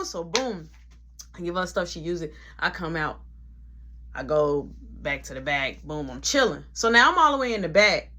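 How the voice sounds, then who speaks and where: A man telling a casual storytime story, animated and conversational, with frequent asides. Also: fairly high pitch, normal speed.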